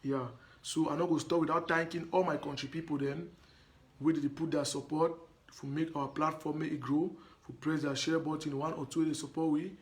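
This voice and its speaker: A man's voice: fairly high pitch, level tone, moderate pace. Emphatic Cameroonian Pidgin-speaking man. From Anglophone Cameroon. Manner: emphatic and repetitive, pleading. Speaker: live broadcaster. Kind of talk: live stream monologue.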